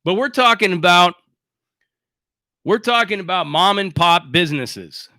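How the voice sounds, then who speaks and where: A high, bright-voiced man holds forth on a livestream, blunt and sarcastic, swearing freely. The sound is dry and close, with no room around him. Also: expressive, a little slow, no room sound. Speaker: livestream host. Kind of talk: casual livestream rant.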